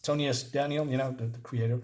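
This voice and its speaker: A man's voice: mid-range voice, fairly even intonation, quick pace, darkish tone. Blunt, sarcastic man reviewing comics. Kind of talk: casual spoken review.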